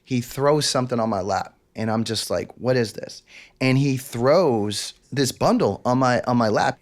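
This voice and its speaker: A man's voice: medium pitch, expressive, moderate pace. A man, telling a candid personal story as a podcast guest and acting out quoted lines. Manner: intense, confessional, acts out quotes.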